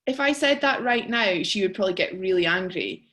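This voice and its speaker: Mother caller, mid-pitched, quiet agreeing listener on a video call. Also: animated, fairly quick. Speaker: caller, mother of a preteen daughter. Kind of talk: asking advice on a call.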